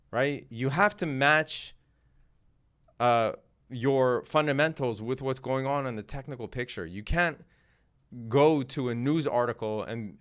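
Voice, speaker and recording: A man's voice: mid-range voice, a bit bright, clear, resonant tone. A man hosting a live day trading stream, talking in a casual, slangy, laid-back way and laughing often. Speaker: day trading livestream host.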